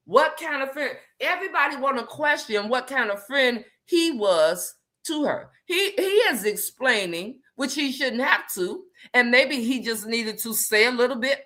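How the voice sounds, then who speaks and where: A woman hosting a casual live chat, animated and slangy, greeting viewers by name as she talks. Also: fairly high pitch. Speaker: livestream host.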